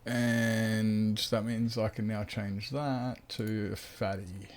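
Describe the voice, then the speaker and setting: A man's voice: on the low side, flat delivery, drawn-out words, slight background noise. A man streaming a game live, chatting loosely with viewers and rambling to himself. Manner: rambling, chatty, greets viewers, talks to his cat. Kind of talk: casual live-stream chat.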